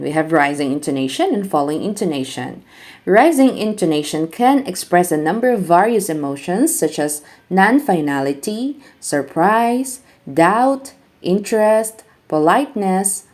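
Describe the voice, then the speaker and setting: A woman teacher giving a scripted lecture, reading out terms and example word pairs in an even, deliberate way. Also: fairly low pitch.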